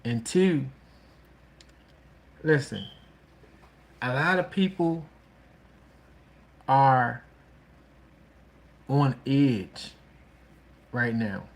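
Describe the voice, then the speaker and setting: A man hosting a relationship talk, giving casual advice in a slow, halting way with many restarts and fillers. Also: medium pitch.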